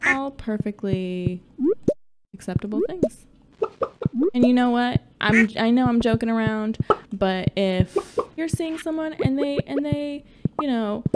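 Young gal rambling thru a farming game, jokey asides, music blasting behind. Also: female voice, on the high side. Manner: chatty, self-mocking, jokey asides to viewers. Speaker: let's play gamer. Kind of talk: casual gameplay commentary. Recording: loud background music.

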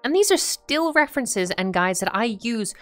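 A young adult trans woman giving a voice training lesson, explaining in a relaxed, rambling way with frequent fillers. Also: fairly high pitch, moderate pace. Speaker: voice coach. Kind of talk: voice training tutorial.

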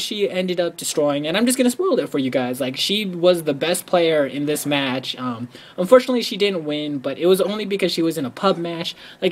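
A man giving casual gameplay commentary, rambling and excitable, leaning on "like" constantly. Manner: rambling, excitable, heavy use of "like"; bursts into high squealing when quoting himself.

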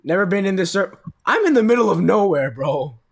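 A young man chatting casually while playing a game with friends, excitable and swearing, yelping when in danger. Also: sits high, brisk, gravelly. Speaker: video creator. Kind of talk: casual gaming chat.

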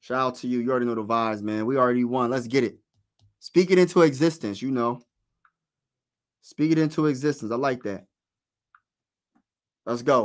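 Excited fan host calling a basketball game. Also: male voice, medium pitch, normal speed, pauses often. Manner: excited partisan, slangy, talks to chat. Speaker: livestream play-by-play host. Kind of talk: casual live fan play-by-play.

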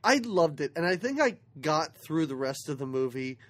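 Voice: mid-range voice, moderate pace. A podcast co-host chatting casually about a movie, retelling scenes with laughter. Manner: animated, laughing, playful retelling. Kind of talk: casual movie review chat.

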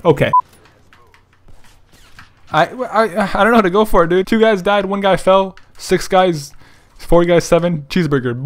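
A young man giving excited gameplay commentary, laughing, gasping and repeating himself as he plays. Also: high voice, normal speed, long pauses. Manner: excitable, laughs and gasps often, repeats phrases. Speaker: gaming YouTuber. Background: background music.

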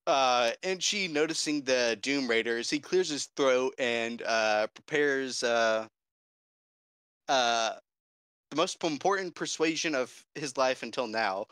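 Bright-voiced hesitant male player. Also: medium pitch, slow pace, clear, resonant tone, no room sound. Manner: hesitant, stammering. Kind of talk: casual tabletop play.

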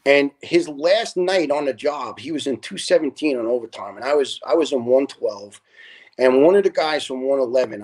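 A middle-aged man tells stories as a podcast guest. His voice sits at an ordinary middle pitch, and he swears freely as he acts out the back-and-forth of old arguments. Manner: animated, profane storyteller who acts out dialogue. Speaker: podcast guest, retired fire lieutenant. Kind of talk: casual storytelling.

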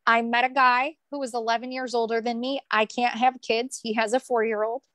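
Young woman guest, high-ish voice, dry close recording, heartfelt and repetitive for emphasis. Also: flat delivery, brisk, fairly bright tone, dry recording. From United States. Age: young adult. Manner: earnest, repeats phrases for emphasis. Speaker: podcast guest, author. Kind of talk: emotional personal storytelling.

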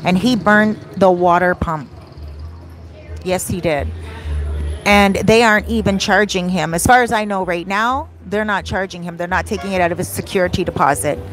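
A woman's voice: fairly low pitch, moderate pace, soft background music. Chatty woman vlogger telling a story. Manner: animated, chatty, exasperated retelling. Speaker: vlogger, host of a live stream. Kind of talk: casual storytelling to viewers.

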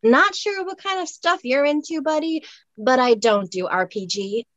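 A woman's voice: high voice, expressive, normal speed, fairly bright tone, dry recording, muffled recording, pitched above the performer's own voice. A woman voicing a blunt, wry modern young woman who talks back sarcastically. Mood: sassy. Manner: sarcastic, exclamatory.

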